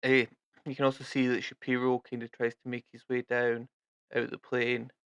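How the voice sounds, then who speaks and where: A man narrating a tabletop game as game master, in a relaxed, descriptive way. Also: mid-range voice, normal speed, clear, resonant tone, no echo, muffled recording.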